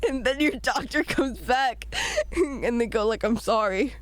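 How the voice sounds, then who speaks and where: Young woman streamer, sick and a bit rough-voiced, giggly, slow drawl, kinda high. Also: no room sound. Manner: giggly and rambling, reads chat aloud. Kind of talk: casual live-stream chat.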